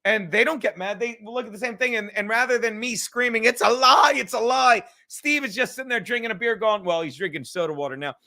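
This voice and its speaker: A man's voice: sits high, fast talker, few pauses. A man hosting a livestreamed podcast, rambling and swearing as he tells stories and reads out viewer messages. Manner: profane, rambling, animated storytelling. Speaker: podcast host. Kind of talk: casual livestream chat.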